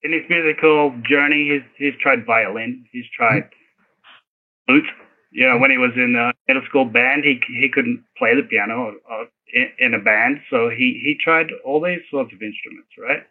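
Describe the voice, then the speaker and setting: A man's voice: medium pitch, normal speed. Man on a tinny, phone-like line. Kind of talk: personal storytelling.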